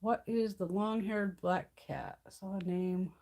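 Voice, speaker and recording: A woman's voice: mid-range voice, fairly even intonation, a little slow, a little mellow. A woman hosting a live stream from home, chatting casually, swearing freely and laughing often. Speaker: livestream host. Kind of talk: casual chat.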